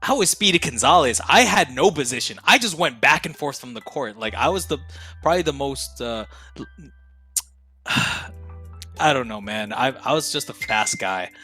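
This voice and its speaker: A man's voice: mid-range voice, expressive, normal speed, bright, forceful tone, breathy edge, soft background music. A young man in his twenties, a streamer on a podcast, telling stories in a loose, slangy, profane way and laughing between phrases. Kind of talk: casual storytelling chat.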